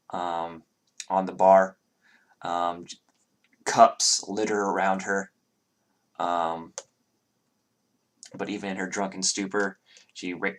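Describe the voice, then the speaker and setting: A man with a very low voice runs a tabletop game as game master. He narrates scenes hesitantly, leaning on fillers as he goes. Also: a bit bright, slight background noise.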